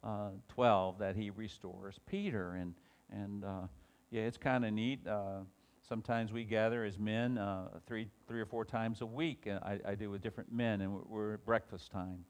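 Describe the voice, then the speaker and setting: Lowish-voiced man teaching a Bible class. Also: fairly even intonation, normal speed. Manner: reads scripture aloud with rising emphasis, then talks it over with many restarts.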